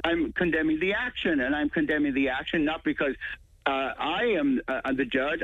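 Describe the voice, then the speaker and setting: A priest argues his point in a played-back radio interview, emphatic and insistent. His fairly high voice comes through dry and tinny, like a phone line. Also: no echo.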